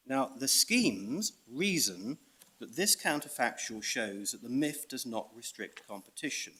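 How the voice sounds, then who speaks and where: A British man arguing a case in court as a barrister, reading out evidence and stressing key words in a measured way. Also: medium pitch, fairly bright tone. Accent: British English. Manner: measured, reads out evidence with emphasis. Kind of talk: courtroom legal argument.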